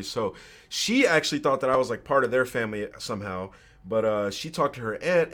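A man's voice: medium pitch, a bit bright. A man in his twenties, a podcast guest, casually telling a personal story with slang and swearing. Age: 20s.

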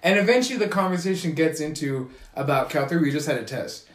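A young man on a podcast, swearing freely and acting out the people in his story as he tells it. His voice sits a touch high for a man. The recording has a noticeable room echo. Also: fast talker. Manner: profane, animated storytelling with mimicked quotes. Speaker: podcast co-host. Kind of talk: casual podcast chat. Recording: echoey room.

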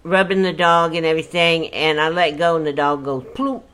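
An older woman spinning a story from her own life in a relaxed, chatty way. She talks in a folksy manner, breaking into exclamations as the story builds. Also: deep voice, normal speed, clear, resonant tone. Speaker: storyteller guest. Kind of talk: casual storytelling.

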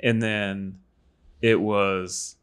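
A man in his thirties casually telling a lively hunting story on a podcast, acting out quotes. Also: lowish voice, drawn-out words, clear, resonant tone. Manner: animated storyteller, acts out quotes. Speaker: podcast host and hunter.

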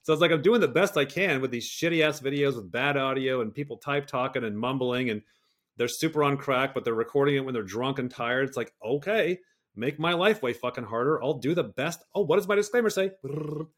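A middle-aged man talking candidly as an interview guest, swearing freely, rambling and restarting, sometimes rising into animated rants. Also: mid-range voice, brisk. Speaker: guest, personality system creator.

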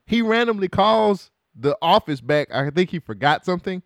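A man's voice: high-pitched, big pitch swings, normal speed, creaky, no echo, studio quality. A man in casual chat, retelling a movie plot and acting out the characters' lines, laughing often and swearing casually.

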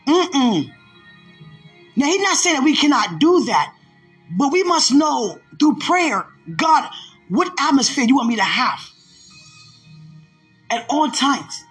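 Laughing woman preaching with faint music. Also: high-pitched. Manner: laughs often, talks to God aloud; emphatic, preachy rises. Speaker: podcast host. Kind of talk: devotional podcast talk.

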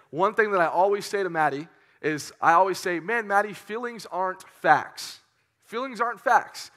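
A man's voice: on the high side, bright, forceful tone. A young man preaching a casual, joking sermon to a youth group. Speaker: youth pastor.

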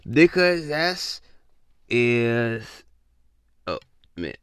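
A man's voice: mid-range voice, sing-song, extremely slow, a bit bright, clear, resonant tone, dry recording. A man hosting a casual comedic podcast rant, talking close to the mic and acting out confused texters in jumpy voices. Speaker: podcast host.

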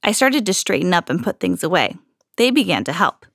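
Lively woman reading a storybook. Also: fairly low pitch, brisk, gravelly, no room sound, studio quality. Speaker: podcast host reading to children. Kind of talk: children's storybook read-aloud.

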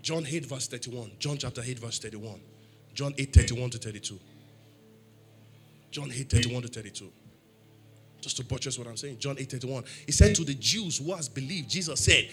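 A man's voice: medium pitch, brisk, fairly bright tone, soft background music. A man preaching a sermon in church, emphatic, asking the congregation questions for them to answer. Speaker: pastor.

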